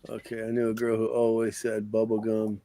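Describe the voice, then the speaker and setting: A man's voice: on the low side, monotone, brisk, a crowd in the background. A man co-hosting a casual live stream chat, reading fun facts and joking. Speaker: co-host.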